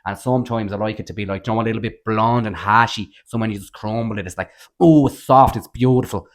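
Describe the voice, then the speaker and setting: A young Scouse man with a slightly low voice holds forth on a casual podcast. He tells his stories in an animated way and swears freely. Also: fast talker. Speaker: podcast co-host. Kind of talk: casual storytelling chat.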